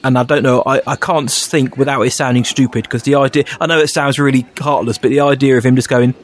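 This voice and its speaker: A man's voice: medium pitch, fairly even intonation, fast talker. A man co-hosting a podcast, rambling and self-mocking in casual chat, laughing often. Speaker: podcast co-host.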